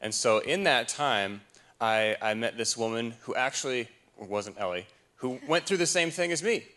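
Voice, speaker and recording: A man's voice: mid-range voice, animated, moderate pace, sharp tone. A man in his thirties sharing a candid faith story in a casual, conversational way. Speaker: podcast co-host. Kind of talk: candid faith testimony chat.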